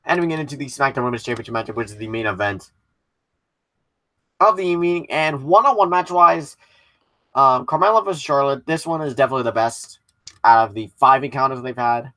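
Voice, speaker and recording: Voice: mid-range voice, brisk, fairly bright tone. A wrestling show commentator giving a casual recap and opinion, passionate and blunt, with some swearing.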